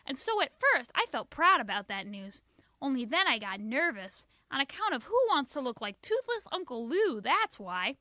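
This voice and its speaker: A woman voicing an excitable, stubborn little schoolgirl who bursts into melodramatic shrieks, read as a storybook. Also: sits high, moderate pace, no echo, studio quality, exaggerated voice. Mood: insistent.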